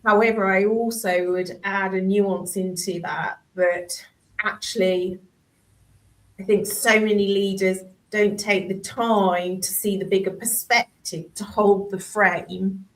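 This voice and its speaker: A woman's voice: medium pitch, steady tone, slow, poor audio. A woman hosting a conversation, speaking thoughtfully and searching for her words. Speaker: host. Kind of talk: reflective conversation.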